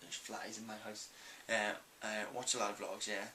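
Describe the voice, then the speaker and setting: A man's voice: on the low side, little pitch movement, normal speed, sharp tone, slight background noise, rough recording. A young man with a Northern Irish accent, answering viewer questions in a casual, rambling vlog full of ums. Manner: chatty and rambling, many ums. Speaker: vlogger.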